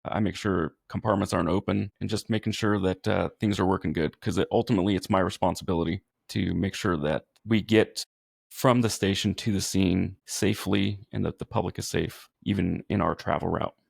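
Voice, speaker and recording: A man from California with a low, gravelly voice, speaking as a firefighter guest. He talks in an earnest, easygoing and slightly goofy way. The recording is close and dry. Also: steady tone, fairly quick, no room sound. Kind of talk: casual storytelling.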